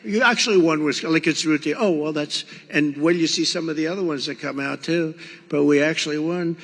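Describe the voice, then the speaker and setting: A man's voice: a little high, brisk, fairly bright tone, in a large hall. An older man giving a rambling, boastful rally speech, acting out quoted exchanges. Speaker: political speaker at a rally. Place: large rally venue.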